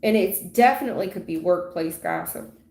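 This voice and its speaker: A woman giving a livestream tarot reading in a dramatic, repetitive way, acting out sudden endings with loud exclamations. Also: fairly low pitch, brisk, gravelly. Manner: dramatic, repetitive, full of sound effects. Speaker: tarot reader. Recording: echoey room.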